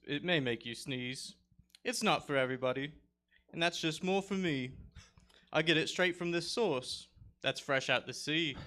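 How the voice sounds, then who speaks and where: A man's voice: fairly high pitch, bright, forceful tone. A man doing a put-on British accent, reciting a sing-song rhyming food advertisement.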